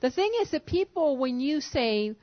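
A pastor's wife giving an informal sermon, coaxing and chatty with frequent chuckles. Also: female voice, high voice, expressive, normal speed. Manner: conversational, coaxing, often chuckling. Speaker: pastor's wife leading a church service. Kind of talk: informal sermon talk to a congregation. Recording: dull lo-fi church recording.

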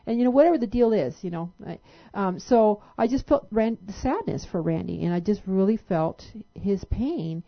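A woman's voice: medium pitch, animated, moderate pace, hardly any pauses. A woman telling a personal story during a church service, chatty and full of "you know"s. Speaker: pastor's wife sharing a story. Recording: dull lo-fi recording.

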